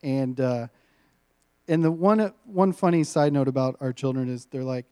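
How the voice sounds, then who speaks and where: A man in his thirties gives a guest sermon with a mellow, warm voice. He keeps it light and self-mocking and laughs often between lines. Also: mid-range voice, normal speed, clean tone. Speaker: guest preacher.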